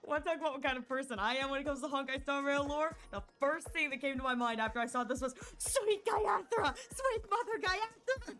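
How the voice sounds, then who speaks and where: A woman's voice: high-pitched, steady tone, quick pace, over music. A woman chatting casually on a live stream, giggly and full of "like".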